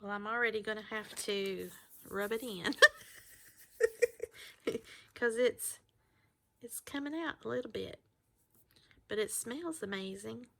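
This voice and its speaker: A middle-aged woman talks through an unboxing in an easy, chatty way, gushing and exclaiming as she goes. Her voice sits at an ordinary height but carries a bright edge. A gravelly fry runs under her words. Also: mid-range voice, moderate pace, long pauses. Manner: gushing, emotional, exclaiming over each item. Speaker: vlogger showing handmade soap mail. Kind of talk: casual unboxing chat.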